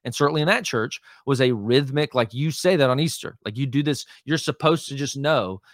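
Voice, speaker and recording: A man's voice: medium pitch, dry recording, clean studio sound. A man who is a lead pastor, talking casually as a guest on a podcast. He teaches with emphasis, often pressing "right?" and "hear me", with fillers and restarts. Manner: many fillers and restarts, quick asides. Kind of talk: casual conversational interview.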